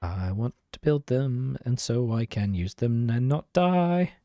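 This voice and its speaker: A self-mocking young man streams a game, chatting casually and answering what his chat writes. He speaks at a measured pace in a medium-pitched, mellow voice that is very animated, with no room sound.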